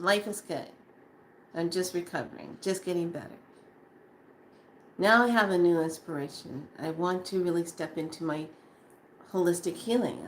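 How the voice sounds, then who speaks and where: A woman speaking casually to camera about staying on a spiritual path, animated and acting out her own past reactions. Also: fairly low pitch, a little hiss or hum.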